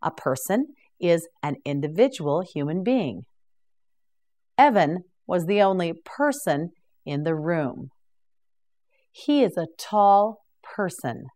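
Slow, lively-voiced woman teacher. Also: lowish voice. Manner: patient, carefully enunciated, encouraging. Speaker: English vocabulary teacher. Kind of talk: slow repetitive vocabulary drill.

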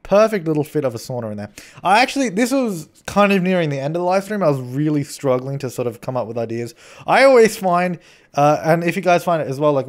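A young man giving a chatty, rambling voice-over commentary on a building game, often restarting his sentences and teasing himself. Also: on the high side. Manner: chatty, rambling, self-mocking, frequent restarts. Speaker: game channel host.

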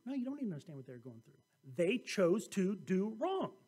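A man preaching a sermon as pastor, telling scripture stories in a lively way and acting out the voices of the people in them. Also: very high voice, normal speed, hardly any pauses. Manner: animated storytelling, acting out quoted voices.

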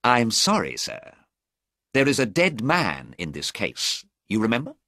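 Brief: cold, assured detective with a high, lively delivery and a bright tone, on a dry close mic, as a male narrator puts him on. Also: a little slow, no echo, exaggerated voice. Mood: cool. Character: cool, confident male detective.

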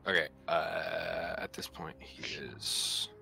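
A man's voice: low voice, little pitch movement, slow pace, vocal fry, pushed and bright, soft background music. A man playing a tabletop game over a voice call, eager and chatty, often asking rule questions. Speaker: player.

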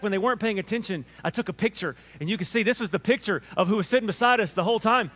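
Man, Alabama drawl, pastor, sermon, storytelling, high-pitched, thirties. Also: a bit bright. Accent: Southern US, Alabama. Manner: storytelling with restarts and chuckles.

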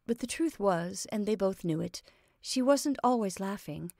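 A woman narrates a story with a steady mid-range voice, shifting her reading from lively to hushed, almost whispered. The recording is dry and close, with no room sound. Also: medium pitch, moderate pace, vocal fry, no echo.

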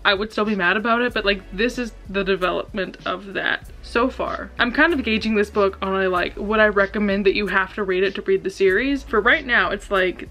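Recorded roughly on a camera on a stand at home, this young woman has a fairly high, slightly bright voice. In her casual reading reaction vlog, she reacts live to a book with gasps, shrieks and plenty of swearing.

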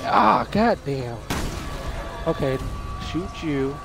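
Slow-talking young man yelling at a game. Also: mid-range voice, over music. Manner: excitable, cursing, yells at the game. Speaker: gamer. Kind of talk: casual gameplay commentary.

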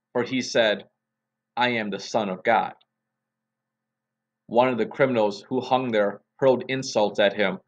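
A man, a pastor, reading scripture aloud and opening a devotion in a measured, deliberate way. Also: mid-range voice.

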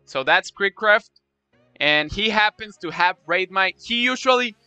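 A man streaming a game live, talking to his chat in an excitable way, repeating himself and gushing thanks. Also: high voice, unhurried, smooth, dry recording, faint music behind. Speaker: Roblox streamer.

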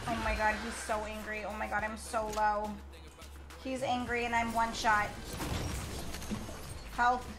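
A young woman streams a game live, talking nonstop as she plays. Her voice sits a little high, and she is excitable and gushing, with frequent squeals. Music plays clearly behind her. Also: a little slow, long pauses. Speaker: gaming streamer. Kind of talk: live gameplay commentary. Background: music playing under the voice.

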